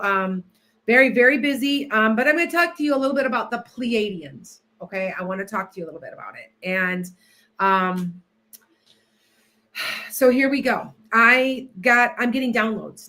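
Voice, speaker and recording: Expressive and sharp-toned, with a voice on the high side and a moderate pace, a woman hosts a casual tarot livestream. She chats with viewers and sets up in a distracted, rambling manner, restarting over and over.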